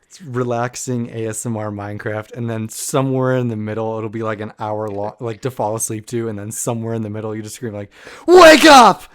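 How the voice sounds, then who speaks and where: A young man co-hosting a casual podcast chat, speaking softly and awkwardly, often trailing off. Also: on the low side, flat delivery, fast talker, clean tone. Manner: soft-spoken, awkward, trails off. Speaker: podcast co-host.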